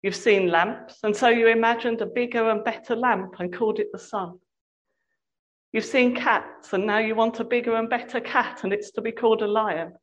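A woman putting on a soft, cooing enchantress. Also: fairly high pitch, fairly even intonation, normal speed, highs cut off, voice pushed up, lightly acted. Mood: soothing scornful. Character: soft-voiced, coaxing enchantress queen.

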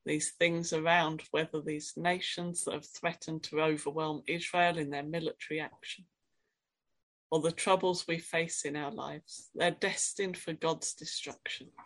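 A woman preaching a sermon, reflective and questioning, reading scripture in a quiet, dramatic voice. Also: low voice, fairly even intonation, a little slow.

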